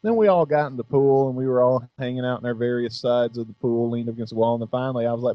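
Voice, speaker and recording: A man's voice: medium pitch, fairly even intonation, fast, hardly any pauses, no room sound, highs cut off. A middle-aged man hosting a casual podcast chat, laid-back and profane, laughing often. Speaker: podcast host.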